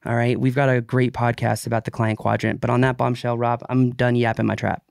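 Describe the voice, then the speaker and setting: A man hosting a podcast, talking in a casual, animated and opinionated way and laughing often. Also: medium pitch, fairly quick, creaky, dry recording, clean studio sound. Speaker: podcast host.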